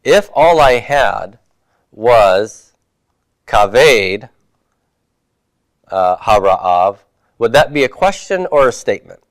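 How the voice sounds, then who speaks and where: A man's voice: mid-range voice, animated, takes it slowly, long pauses, no echo. A man teaching a Hebrew class, reviewing homework and patiently asking his students questions before answering them himself.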